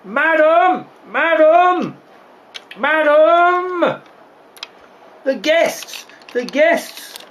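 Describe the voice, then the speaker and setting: Man doing a flustered servant, stammering, rushed, higher voice. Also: animated, slight background noise. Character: flustered young male servant, hurried.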